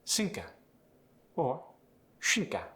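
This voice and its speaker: A man voicing a speaker with a Japanese accent, saying single words slowly as examples. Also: a little high, wildly swooping pitch, bright, forceful tone, reverberant, pitched above the performer's own voice, exaggerated voice. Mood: demonstrating.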